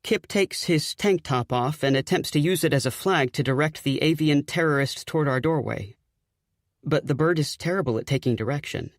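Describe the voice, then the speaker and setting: A man's voice: fairly high pitch, dry recording, clean studio sound. A man narrating a comic first-person audiobook in a wry, sardonic storytelling voice.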